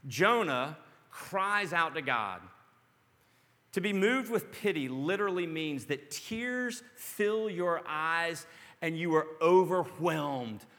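A man preaching a sermon, dramatic and storytelling, dropping to a hush and then rising to shouts. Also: on the high side. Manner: dramatic, swings from hushed to shouting. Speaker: pastor. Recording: long hall reverb.

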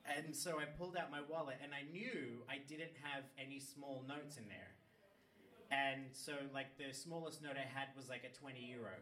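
A man's voice: medium pitch, normal speed. A man telling a long, funny anecdote in casual chat, swearing freely and laughing as he goes. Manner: animated, swears freely, laughs mid-story. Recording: roomy sound from a distant mic.

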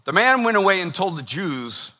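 A middle-aged man preaching a sermon as pastor, lively and acting out the voices he quotes. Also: sits high, normal speed. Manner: animated, acts out quoted voices.

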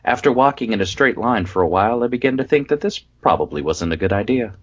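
A man's voice: on the low side, animated, quick pace, husky. A man co-hosting a podcast, reading a story aloud expressively. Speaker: podcast co-host, reader.

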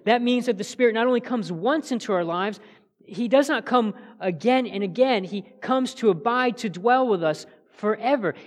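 A man preaching a sermon as pastor, earnest, rising to emphatic peaks and then dropping soft. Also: high voice. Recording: long church reverb.

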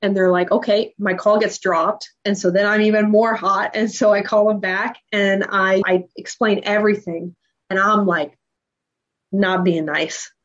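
A woman in her thirties tells her own story as a podcast guest. She is emotional and animated and acts out the lines of the people in it. The recording sounds dull and lo-fi. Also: medium pitch, measured pace. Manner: emotional, animated retelling with acted-out dialogue. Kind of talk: personal storytelling in an interview.

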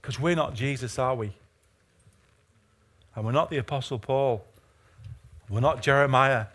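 A male pastor preaching a sermon with passion, moving from hushed, slow passages to fervent, urgent ones. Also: mid-range voice.

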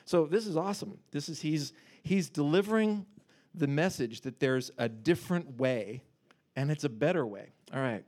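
A man preaching a casual sermon, reading scripture and paraphrasing it in a lively, conversational way. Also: fairly high pitch, moderate pace. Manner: animated, conversational, breaks off to joke and paraphrase.

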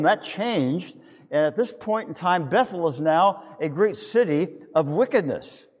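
A man with a fairly high voice delivers a sermon, and his pitch swings widely as he acts out the scene. He tells the story vividly and keeps asking his listeners rhetorical questions. A long reverb trails behind his voice. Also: darkish tone. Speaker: pastor.

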